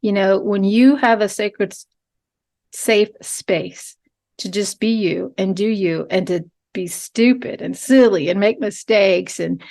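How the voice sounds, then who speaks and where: A woman's voice: mid-range voice, takes it slowly, gravelly, a little mellow. A woman who works as a trauma therapist, speaking earnestly as a podcast guest and restarting her sentences often. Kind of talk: casual podcast interview.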